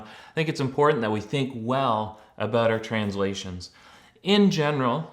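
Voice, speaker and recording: Man explaining calmly to camera. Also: mid-range voice. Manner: relaxed and conversational, with frequent uh fillers and restarts. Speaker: Christian blogger and teacher. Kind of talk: casual explanatory talk to camera.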